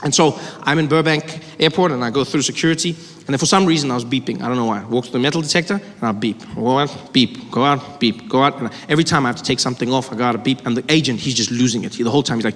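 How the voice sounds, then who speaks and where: A man doing stand-up comedy speaks very fast, animatedly telling stories and acting out their characters with big pitch swings. Audience laughter and slight background noise can be heard.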